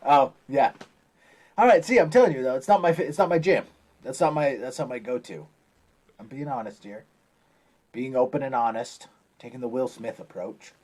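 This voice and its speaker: A man's voice: mid-range voice, normal speed, long pauses, darkish tone, breathy edge. Casting: podcast co-host, man, easygoing and teasing, quotes comedy movie lines. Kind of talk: casual chat.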